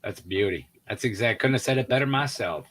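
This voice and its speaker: A man's voice: mid-range voice, brisk, fairly bright tone, breathy edge. A man hosting a live stream, chiming in with short, encouraging remarks. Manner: brief encouraging interjections. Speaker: host.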